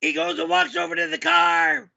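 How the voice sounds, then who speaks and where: A man putting on a loud, yelling middle-aged male character and telling a rambling story full of shouting and swearing. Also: extremely high pitch, little pitch movement, moderate pace, vocal fry, lo-fi sound, voice pushed up, heavily acted. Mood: ranting. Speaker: show host.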